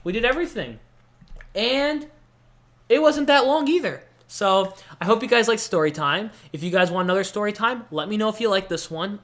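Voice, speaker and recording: A young man hosting his own podcast, telling a childhood story in a rambling, self-mocking way with quick bursts of excitement. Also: high-pitched. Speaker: podcast host. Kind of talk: casual storytelling monologue.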